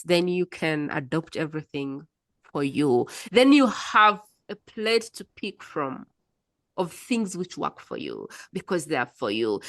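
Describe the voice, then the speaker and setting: A woman hosts a casual podcast interview, telling stories chattily and frequently murmuring "mm" as she listens. Her voice is lowish with a fairly bright tone, recorded at studio quality with no echo.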